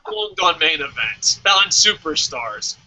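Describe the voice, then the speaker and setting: A man's voice: on the high side, a little slow. A man co-hosting a wrestling talk podcast, ranting with a lot of swearing in casual chat. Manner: profane, ranting, animated. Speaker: wrestling show co-host. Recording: dull lo-fi podcast audio.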